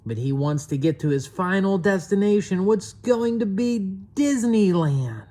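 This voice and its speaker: Slow, expressive woman storyteller. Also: a bass voice. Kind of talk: children's story narration.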